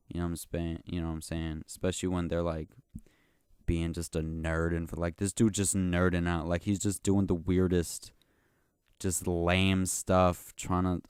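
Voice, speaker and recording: A man's voice: low voice, a little mellow, clean tone, dry recording, clean studio sound. A young man hosting his own podcast, telling a story in a slangy, profane, boastful way that rambles and keeps circling back to "you know what I'm saying.". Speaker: podcast host. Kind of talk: casual solo podcast rant.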